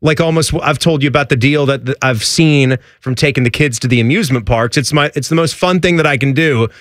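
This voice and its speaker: A man's voice: medium pitch, a little fast, a bit bright, dry recording, clean studio sound. A man co-hosting a casual sports show, joking and correcting how golfers' names are pronounced. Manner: joking, corrects name pronunciations. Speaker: co-host.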